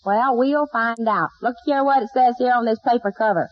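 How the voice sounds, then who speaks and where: A woman's voice: a little high, normal speed, no echo, close to an everyday voice. A woman playing a scatterbrained, wisecracking country gal in a 1940s radio sitcom, folksy and punning, on a dull old broadcast recording. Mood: zany. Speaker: comedy star of a radio sitcom.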